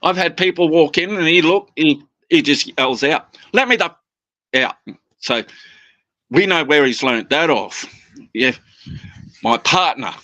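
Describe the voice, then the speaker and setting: A man's voice: fairly high pitch, unhurried, pushed and bright, no echo, dull audio. A man chatting as a guest about his parrots, rambling with restarts and mimicking his birds' phrases, talking into a phone. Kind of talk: casual chat.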